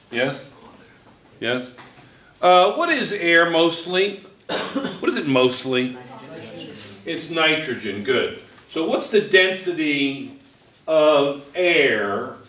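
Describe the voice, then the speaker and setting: A man's voice: medium pitch, a bit bright. A man teaching a chemistry review class, coaxing students with question after question. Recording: echoey classroom.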